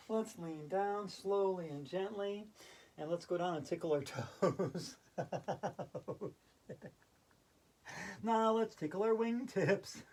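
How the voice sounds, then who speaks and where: A woman's voice: on the low side, drawn-out words, pauses often, mellow. A woman hosting a playful yoga routine, giggling and laughing through the poses. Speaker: yoga video host.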